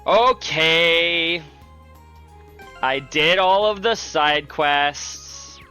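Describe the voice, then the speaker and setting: Male streamer, unhurried and joking, crisp bright tone, faint game music under him. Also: a little high. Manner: laid-back, joking, talks to chat. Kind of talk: casual live-stream chat.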